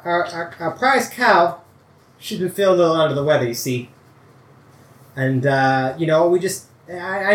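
A game master puts on an older farmer with a bad leg, poor and humble, who speaks in a halting rural drawl. His voice sits a bit higher than the narrator's own, and the room echoes. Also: lightly acted. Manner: folksy rural grammar, hesitant, repeats words.

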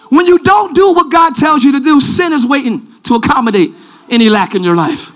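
A man preaching a live church sermon, leading the congregation in call-and-response and often shouting. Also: very high-pitched, brisk. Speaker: pastor. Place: large church sanctuary.

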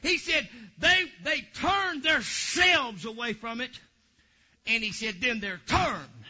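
In a very high voice and taking his time, a male pastor preaches to his church, animated, joking with the congregation and occasionally shouting. The recording is lo-fi and dull.

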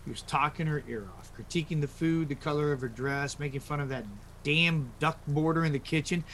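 A dying father played by a man in an audio drama, regretful and self-mocking. He speaks softly and haltingly, in a slightly raised voice. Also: fairly high pitch, steady tone, a little hiss or hum, lightly acted. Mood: reminiscing. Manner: halting, regretful, soft-spoken. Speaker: actor in an audio play.

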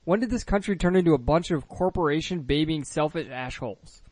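A man's voice: high voice, animated, quick pace, darkish tone, no echo. A man co-hosting a casual chat, reading viewer comments aloud with a playful, joking manner. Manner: playful, laughs often, reads comments aloud.

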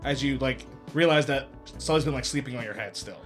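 A man's voice: mid-range voice, a little fast, faint music behind. A man narrating a tabletop game as game master, in loose, filler-heavy talk.

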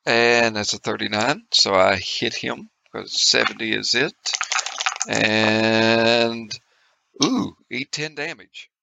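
A man's voice: lowish voice, takes it slowly, creaky, sharp tone, slight background noise. A man playing a tabletop game, swearing and thinking aloud. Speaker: player. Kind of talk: casual tabletop play.

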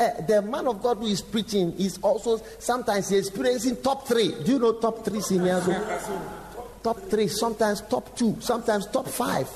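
A man preaching a sermon, telling stories with sudden shouts, acted quotes and direct questions to the congregation. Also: very high-pitched. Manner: engaging the audience with direct questions. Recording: long hall reverb, faint background noise.

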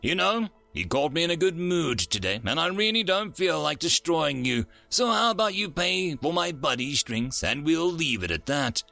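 Human marine sergeant, steely and amused, male narrator, bright voice, lively delivery. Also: on the high side, normal speed, gravelly, hardly any pauses, faint music behind, pitched above the performer's own voice, full character voice. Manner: cool, steely and smiling.

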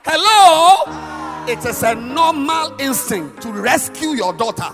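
High-voiced pastor preaching in a hall. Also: male voice, expressive, measured pace. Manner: emphatic, swings from shouting to near-murmur, sing-song cadence. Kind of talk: sermon. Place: church hall. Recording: long hall reverb with faint music.

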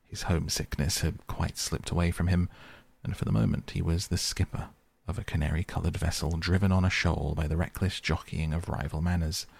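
A man reading a storybook aloud in a slow, measured narration. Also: a bass voice, gravelly, a little mellow, slightly rough, dry recording. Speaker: audiobook narrator.

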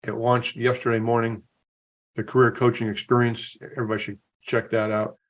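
A man's voice: medium pitch, level tone, brisk. A man, a recruiter and career coach, chatting enthusiastically as a podcast guest. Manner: enthusiastic, conversational, recounts stories. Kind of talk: casual podcast interview.

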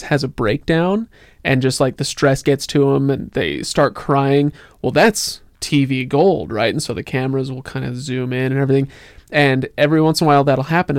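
Brief: male podcast co-host, mid pitch, chatty storyteller, close dry mic. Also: no room sound. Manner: rambling storyteller with restarts. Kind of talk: casual chat.

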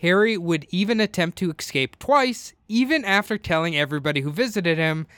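A man hosting a podcast, telling a true-crime story in a relaxed, chatty way with frequent laughter. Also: high voice, brisk, clear, resonant tone, no room sound. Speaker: podcast host.

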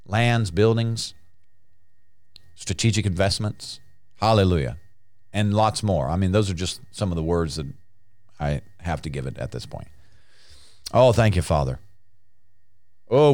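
A male preacher delivering a sermon in a somewhat low voice. He talks emphatically, circling back over his phrases and punctuating them with hallelujahs. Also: a little mellow. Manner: emphatic and repetitive, restarting phrases, frequent hallelujahs.

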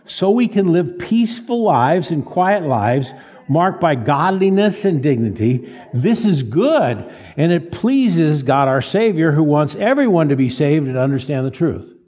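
A man's voice: fairly high pitch, sing-song, darkish tone. Older male pastor, folksy sermon in a hall. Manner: folksy, halting restarts, self-deprecating humor. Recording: reverberant hall.

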